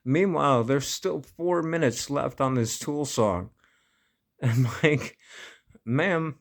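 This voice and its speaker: A man's voice: mid-range voice, takes it slowly, gravelly. A man casually telling a personal story, laid-back and amused, often breaking into laughter. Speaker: vlogger.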